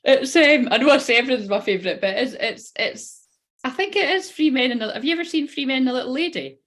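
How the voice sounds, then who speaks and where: A woman's voice: high voice, lively intonation, fast talker, fairly bright tone. A woman in her thirties giving a live-streamed card reading, rambling, swearing casually and talking straight to her viewers. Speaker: spiritual reader.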